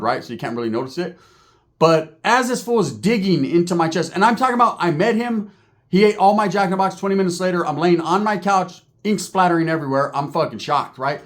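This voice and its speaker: A man telling a story in a casual, animated and profane streetwise way. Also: on the high side, a little fast.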